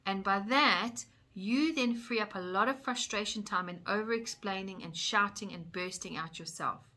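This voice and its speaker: A woman's voice: medium pitch, moderate pace, bright, forceful tone. A woman parenting coach giving tips straight to camera in an upbeat, enthusiastic way. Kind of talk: direct-to-camera tips video.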